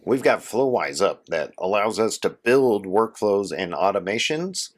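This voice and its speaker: A man with a hoarse voice from a cold, casually walking viewers through a software setup as a tutorial host. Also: fairly low pitch. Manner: casual, instructive, addresses viewers as guys. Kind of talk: screen-share tutorial walkthrough.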